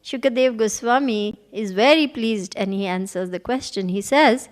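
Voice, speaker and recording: A woman's voice: on the high side, moderate pace, hardly any pauses. A woman giving a devotional talk as a spiritual teacher, telling stories animatedly and laughing along.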